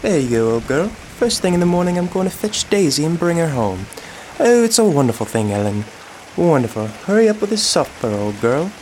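A man's voice: fairly high pitch, very animated, brisk, darkish tone, slight background noise. An actor playing a cheerful husband in a radio drama, hearty and chatty, calling his wife "old girl". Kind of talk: 1940s radio acting.

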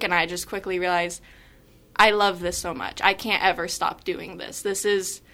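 A teenage girl speaks as a guest on a school interview, bubbling with enthusiasm. Her voice is bright and forward, and she acts out every quote in her story. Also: medium pitch. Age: teens. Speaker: high school theater student guest. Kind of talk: casual interview chat.

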